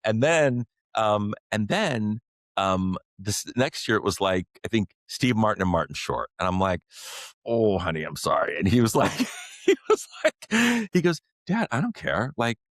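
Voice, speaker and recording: Deep-voiced middle-aged man telling stories. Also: big pitch swings, no room sound. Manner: earnest, halting with many fillers and restarts. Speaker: podcast guest. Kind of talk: personal storytelling in conversation.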